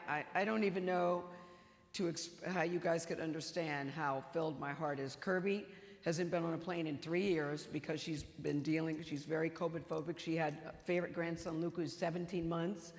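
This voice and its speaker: A woman's voice: on the low side, steady tone, a little fast. An older woman giving an acceptance speech on stage, emotional and chatty, telling funny stories to the audience. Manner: emotional, chatty storytelling with humor. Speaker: award honoree. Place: stage in a large auditorium. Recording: reverberant hall with live audience.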